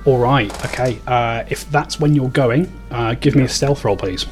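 Male game master, mid pitch, rambling scene descriptions. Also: moderate pace, faint music behind. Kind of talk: narrating a tabletop game.

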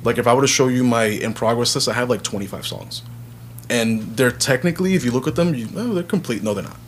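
Rambling band singer in casual chat. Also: male voice, medium pitch, quick pace, a little hiss or hum. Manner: relaxed, rambling storyteller, acts out quotes.

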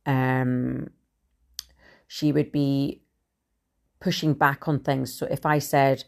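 Low-voiced middle-aged woman, frank monologue. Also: fairly even intonation, normal speed, creaky, darkish tone. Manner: frank and conversational, occasional swearing. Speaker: podcaster. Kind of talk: candid personal monologue.

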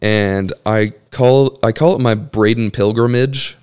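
A man's voice: lowish voice, steady tone, a little slow, a little mellow, clean tone. A young man co-hosting a podcast, rambling through a story in casual chat. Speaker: podcast co-host.

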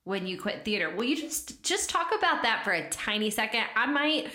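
A woman's voice: on the high side, very animated, normal speed, bright, forceful tone, roomy sound. A woman hosting a faith podcast, talking in an effusive, emotional way and laughing often. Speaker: podcast host. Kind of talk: casual faith podcast chat.

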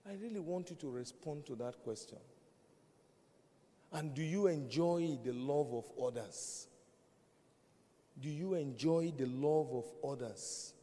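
A man in his fifties delivers a sermon at a slow, deliberate pace. His voice is mellow and a little high for a man, and he presses his points with repeated questions. The sound rings with the long reverb of a large hall. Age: 50s. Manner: earnest, repeats questions, rises to loud emphatic peaks. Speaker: preacher.

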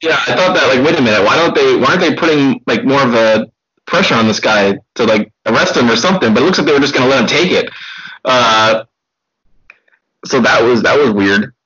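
A man's voice: medium pitch, brisk, highs cut off. A man joking animatedly while discussing a movie with a friend. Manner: animated, joking, calls his friend buddy. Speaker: movie review co-host. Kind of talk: casual chat.

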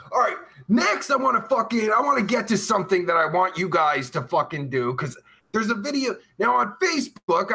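A man hosts a casual live stream, reeling off viewer names and crude, swear-filled asides. His voice sits high and bright with a husky grain. He talks slowly and his pitch leaps around as he goes. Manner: rambling and heavily profane; jokey and crude. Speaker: podcast host.

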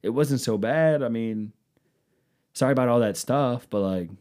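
A man's voice: mid-range voice, normal speed, darkish tone, lightly acted. A man voicing a sheepish, nervous male slave owner who whines and pleads, as a comedic podcast bit. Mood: pleading. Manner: whiny, wheedling, apologetic.

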